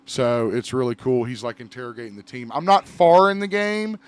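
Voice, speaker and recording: A man's voice: medium pitch, lively intonation, brisk, clear, resonant tone, no echo. A man hosting a podcast in casual chat, swearing freely, laughing often and rambling between topics. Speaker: podcast host.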